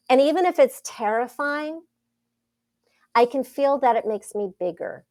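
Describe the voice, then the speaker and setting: A middle-aged woman, a wealth coach, telling stories in a casual interview with dramatic, expressive delivery. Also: sits high, a little slow. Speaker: wealth coach, podcast guest.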